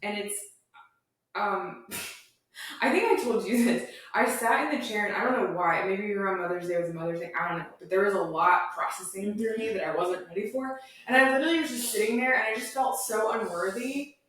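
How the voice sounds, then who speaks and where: A woman's voice: mid-range voice, a little fast. A woman co-hosting a podcast, telling funny personal stories with lots of giggling in casual chat. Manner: expressive, giggly storytelling. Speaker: podcast co-host. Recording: echoey room, distant mic.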